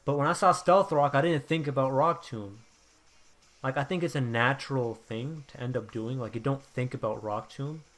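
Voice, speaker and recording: A young man giving live commentary over his own game, swinging between quiet muttering and loud outbursts. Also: medium pitch, normal speed. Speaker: gameplay commentator.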